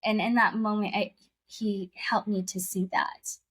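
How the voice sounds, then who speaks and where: A woman's voice: medium pitch, little pitch movement, measured pace, fairly bright tone, breathy edge. A woman guest telling a personal story in conversation, earnest and emotional, often repeating her phrases.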